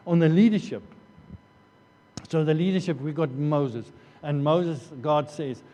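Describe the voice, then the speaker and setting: A man preaches an earnest sermon, circling back on his phrases and restarting them. His voice sits a little high but sounds mellow and dark. The church hall gives it a long, trailing reverb. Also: highs cut off. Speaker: pastor.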